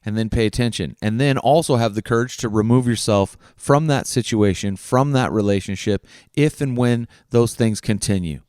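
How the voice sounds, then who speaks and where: A man delivers an earnest self-help monologue as a podcast host, coaching the listener with question after question and swearing casually. His voice is smooth and resonant at an ordinary pitch. The sound is dry and close. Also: moderate pace, hardly any pauses, darkish tone, dry recording.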